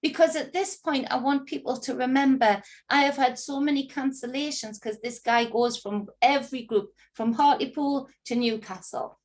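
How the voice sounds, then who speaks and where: A woman's voice: high voice, moderate pace, hardly any pauses. A woman telling a personal story in an agitated, indignant monologue, swearing freely. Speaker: spiritual reader recounting an ordeal.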